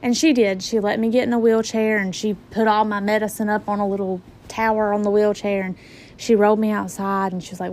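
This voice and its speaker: A woman's voice: medium pitch, steady tone, moderate pace, a little mellow, a little hiss or hum. A woman in her twenties casually retelling a personal story in a conversational way, acting out her own reactions. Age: 20s.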